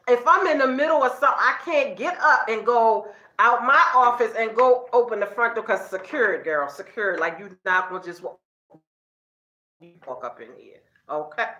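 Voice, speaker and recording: A middle-aged woman chats to her viewers, calling them girl and y'all and ending her points with okay. Her voice is bright and a little high. It is recorded in an echoey room with a slightly dull sound. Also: normal speed. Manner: chatty, addresses viewers as girl and y'all, frequent okay tags. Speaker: vlogger talking to her viewers. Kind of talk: casual storytelling chat.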